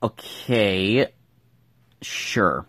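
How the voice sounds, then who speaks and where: A man's voice: on the low side, expressive, extremely slow, fairly bright tone, no room sound, studio quality. A man giving casual gameplay commentary, thinking aloud and mumbling with fillers as he plays at home. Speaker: gameplay streamer.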